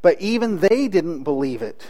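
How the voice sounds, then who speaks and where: A man with a high voice preaching a sermon. He talks earnestly, often restarting his sentences and putting questions to his listeners. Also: lively intonation, moderate pace, mellow. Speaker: pastor.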